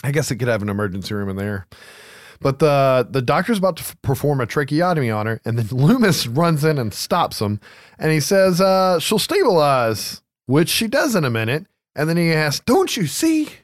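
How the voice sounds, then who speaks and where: Male podcast co-host, chatty recapper, animated delivery, dry close mic. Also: a little high, brisk, dry recording. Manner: laughing, swearing freely. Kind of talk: casual movie recap chat.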